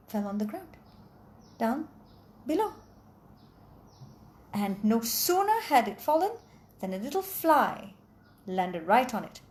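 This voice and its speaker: A woman telling a folk tale aloud in an animated, expressive way, adding sound effects. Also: sits high. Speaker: storyteller. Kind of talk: oral storytelling.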